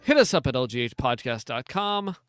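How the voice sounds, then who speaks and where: A man's voice: mid-range voice, expressive, brisk, a bit bright, smooth, no echo, soft background music. A man co-hosting a hunting podcast, explaining cartridges in detail and reading the show's sign-off in a casual chat. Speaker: podcast co-host.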